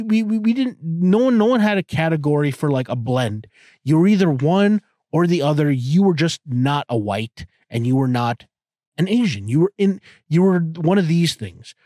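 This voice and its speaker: A man's voice: on the high side, a little mellow, no room sound, studio quality. A man in his thirties hosting a podcast, talking in a crude, profane, rambling way with many restarts. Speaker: podcast host. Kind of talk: casual podcast monologue.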